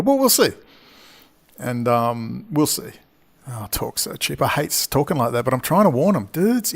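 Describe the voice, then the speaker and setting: An Australian independent commentator, his voice on the high side with vocal fry, delivers an angry, profane, rambling ranting monologue.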